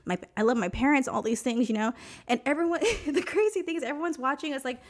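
A woman's voice: high-pitched, animated, fast. A woman from New Mexico, a podcast guest, telling a personal story in casual, emotional, rambling talk full of fillers.

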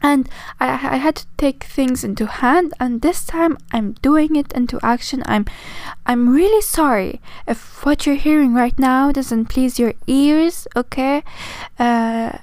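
A twenty-year-old woman with a non-native English accent hosts a casual solo podcast in a high, unhurried, slightly mellow voice with no echo. She sounds tired and rambles, making self-mocking asides, restarting sentences and often tossing in "okay?".

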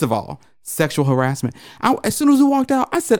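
A man co-hosting a podcast, telling a story in casual chat, animated and profane, jumping into high mocking quotes. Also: fast talker, hardly any pauses, no room sound, studio quality.

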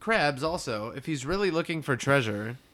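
A man co-hosting a casual podcast, recapping a cartoon episode with relaxed, joking remarks. His voice sits at an ordinary middle pitch, and he talks in an easygoing, agreeable way. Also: normal speed. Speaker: podcast co-host.

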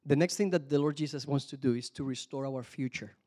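A man preaching a sermon, animated, calling out hallelujah and praise the Lord between points. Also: mid-range voice, a little fast. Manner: animated, exclamations of hallelujah, some restarts.

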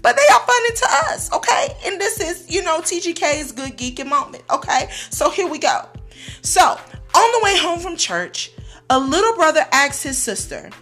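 High, bright woman hosting a podcast. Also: normal speed, soft background music. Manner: animated, teasing, laughs at her own jokes. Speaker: podcast host. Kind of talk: upbeat podcast talk.

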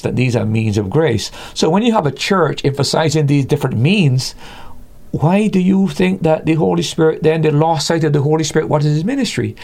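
A man's voice: medium pitch, darkish tone. A man explaining church doctrine as an interview guest, emphatic, often restarting and repeating words, with his voice jumping up when he scorns excesses. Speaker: guest Bible teacher. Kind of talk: conversational interview teaching.

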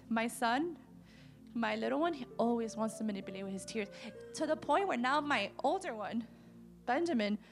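A woman in her thirties preaching a sermon to young people, animated and emphatic. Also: a little high, creaky. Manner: animated, acts out quotes, rising to emphatic declarations. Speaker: youth preacher.

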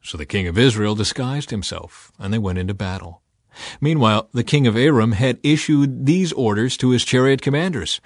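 A man giving an expressive Bible reading, with the quoted lines acted out. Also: mid-range voice, moderate pace, no echo, clean studio sound. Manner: expressive, acts out the quoted speech. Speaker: scripture reader.

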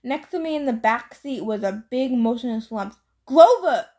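A woman reading a novel aloud in a plain, steady storytelling manner. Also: a little high, normal speed. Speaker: audiobook reader.

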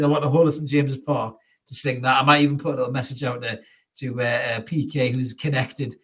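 A man's voice: mid-range voice, little pitch movement, quick pace, fairly bright tone. A man over 38, hosting a casual football chat with blunt, sweary banter. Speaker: podcast host.

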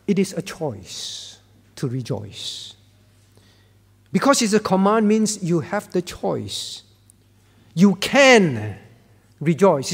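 Emphatic high-voiced male preacher in a reverberant hall. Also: husky. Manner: emphatic, repeating key words, swinging from quiet to loud. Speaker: pastor. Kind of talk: sermon. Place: church sanctuary. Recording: church hall with long reverb.

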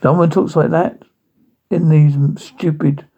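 Brief: man doing a foul-mouthed storybook wolf, irritable ranter, husky. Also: on the high side, fairly even intonation, a little slow, dark tone, dull audio, heavily acted. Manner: ranting, irritable, cursing. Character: foul-mouthed grumpy big bad wolf.

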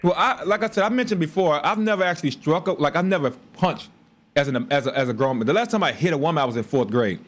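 A man's voice: on the high side, quick pace. A man hosting a show, telling candid stories in casual chat and laughing often. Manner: animated, candid storytelling with frequent laughs. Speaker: podcast host.

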